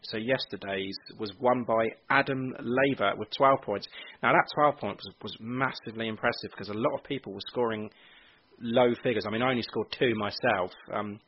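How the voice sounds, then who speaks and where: A man's voice: mid-range voice, breathy edge. A man co-hosting a football podcast, running the segments with frequent laughs. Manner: laughs often, runs segments. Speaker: podcast co-host. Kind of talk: casual podcast chat. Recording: dull lo-fi audio.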